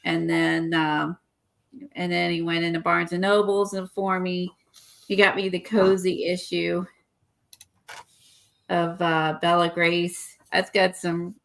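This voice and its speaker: A woman with a bright, forceful voice, chatting casually to her viewers. She tells a long personal story loosely, with frequent fillers and restarts. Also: fairly low pitch, creaky. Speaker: art vlogger. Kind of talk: casual chat.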